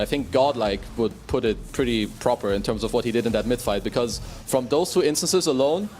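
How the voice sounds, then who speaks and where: Measured male esports analyst. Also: mid-range voice, a little mellow.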